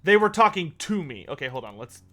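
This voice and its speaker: A man's voice: fairly high pitch, sing-song, brisk. A man streaming a strategy game, chatting casually, thinking aloud and answering viewer questions. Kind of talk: casual gameplay livestream commentary.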